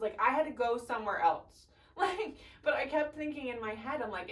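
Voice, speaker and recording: A young woman telling a personal story to camera in casual vlog style, candid and animated, swearing freely and laughing as she goes. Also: fairly high pitch, normal speed, hardly any pauses, far from the mic, rough recording. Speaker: vlogger telling her birth story.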